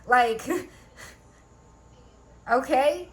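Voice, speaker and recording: Woman doing a casual tarot reading, a bit high voice, keeps saying okay, laughs and swears here and there. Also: lively intonation, a little slow, fairly bright tone. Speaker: tarot reader.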